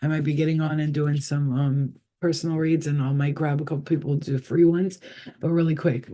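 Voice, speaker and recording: A man's voice: fairly high pitch, little pitch movement, fairly quick, mellow. A man, a psychic reader, chatting casually with his viewers on a live stream, rambling and swearing freely.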